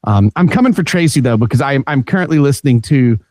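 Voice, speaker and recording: A man's voice: medium pitch, lively intonation, fast talker, warm tone, no echo, clean studio sound. Chatty man rambling through stories. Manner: rambling, self-deprecating storyteller with many fillers. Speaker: podcast guest, former theme park show director. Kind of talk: casual podcast chat.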